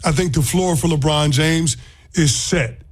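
A man who is a former football player, co-hosting a sports talk show in a measured, analytical way. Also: on the high side, slightly rough.

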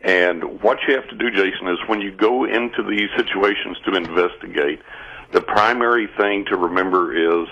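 A man's voice: lowish voice, normal speed, pushed and bright, a little hiss or hum. A man on a call-in radio show, explaining and reassuring in an earnest way. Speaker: radio show guest expert. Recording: dull radio sound.

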